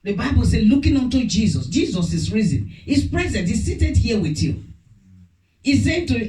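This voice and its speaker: Animated woman pastor preaching in echoey hall. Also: fairly high pitch, moderate pace. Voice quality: lively preaching, laughs often, lapses into mock tongues. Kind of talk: sermon. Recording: echoey room, voice from a distance.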